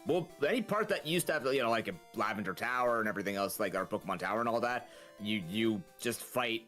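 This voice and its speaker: A man's voice: lowish voice, animated, fast talker, fairly bright tone, soft background music. A man co-commentating a speedrun, playfully retelling the game's story and acting out its dialogue. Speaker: co-host commentator. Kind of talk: casual game commentary.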